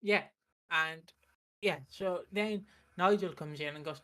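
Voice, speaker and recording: Bright-voiced young man recapping a soap. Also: fairly high pitch, slow pace. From United Kingdom. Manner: recaps the plot with many fillers and restarts. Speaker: soap opera reaction host. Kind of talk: casual recap chat.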